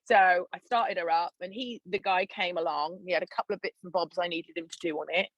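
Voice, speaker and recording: A woman in middle age, a podcast guest, telling her story in animated, candid chat with frequent laughter and swearing. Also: lowish voice, fairly quick, dry recording, lo-fi sound. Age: 40s. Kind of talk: casual interview chat.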